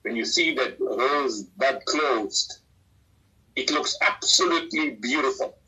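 Bright-toned preacher. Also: male voice, medium pitch, takes it slowly, slightly rough, highs cut off. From South Africa. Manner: earnest, exhorting, rising emphatically. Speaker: Islamic scholar answering questions. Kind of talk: preaching, lively religious talk.

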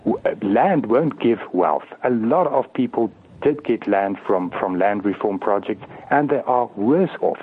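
A man's voice: fairly low pitch, lively intonation, a little slow, hardly any pauses, husky. A man in his thirties from South Africa, a politician arguing his point earnestly on a radio call, repeating words as he goes. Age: 30s. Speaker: politician, guest. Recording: tinny phone line.

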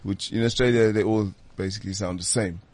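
A man, a comedian guest chatting in a laid-back, laughing, halting way. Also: lowish voice, fairly even intonation, a little mellow. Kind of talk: casual chat.

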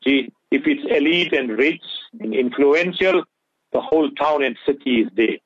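His voice husky and medium-pitched, a man speaks at a moderate pace in earnest religious talk on radio, giving fervent Islamic advice. He mixes English with Urdu and Arabic; the dull lo-fi audio carries no room sound.

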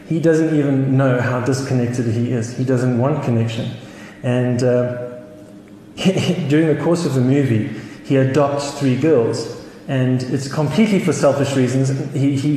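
In an echoey hall with a faint background noise, a South African pastor relates a story during his sermon, chuckling and restarting often. His voice is mid-range and mellow, at a normal speed.

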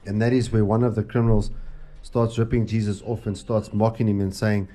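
A man's voice: lowish voice, flat delivery, brisk, warm tone. A man hosting a Christian talk show, preaching earnestly about the cross with frequent restarts. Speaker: host.

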